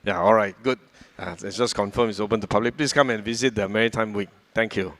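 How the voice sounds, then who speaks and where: An older Singaporean man answering audience questions at a public fireside chat, speaking in a measured way with many hesitations. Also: on the low side, fairly even intonation, a bit bright. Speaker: government minister answering questions.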